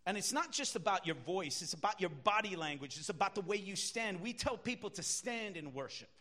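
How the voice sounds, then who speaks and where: A man preaching a sermon as pastor, emphatic, swinging between quiet talk and loud shouts. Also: high-pitched, lively intonation, fairly quick.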